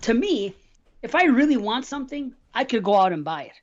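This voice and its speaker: A man's voice: extremely high pitch, big pitch swings, a little fast, dull audio. A man co-hosting a podcast, rambling in casual, heavily profane chat. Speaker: podcast co-host.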